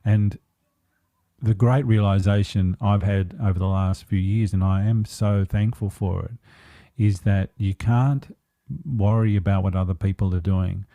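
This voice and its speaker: A man's voice: on the low side, steady tone, measured pace, dark tone, no echo. A man speaking as an empowerment coach in a podcast interview, earnest and reflective, taking his time over his thoughts.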